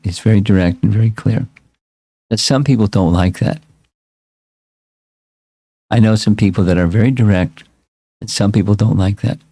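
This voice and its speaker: A man's voice: fairly low pitch, moderate pace, long pauses, dark tone, breathy edge, no room sound, clean studio sound. A man as a spiritual teacher giving a casual scripture class, reflective and repeating himself as he restarts words.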